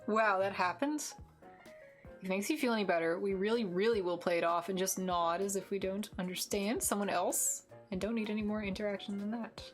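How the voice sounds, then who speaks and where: A young American woman chats on her art stream, rambling and restarting her sentences with plenty of fillers. Her pitch sits in the middle. Soft music plays faintly behind her. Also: fairly quick. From United States. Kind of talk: casual chat while drawing on stream. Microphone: desk mic with headphones.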